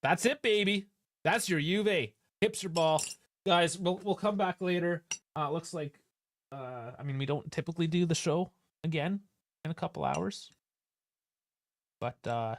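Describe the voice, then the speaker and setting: A man's voice: on the high side, dry recording, clean studio sound. A man hosting a live football stream, talking in a casual, frustrated and sarcastic way, with plenty of swearing. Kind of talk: casual live-stream post-match rant.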